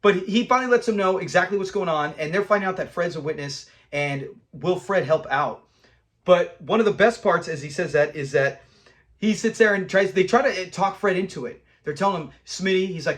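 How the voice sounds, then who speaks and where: A man hosting a casual episode review, animated and acting out lines from scenes. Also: sits high, fairly quick. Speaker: show host reviewing episodes.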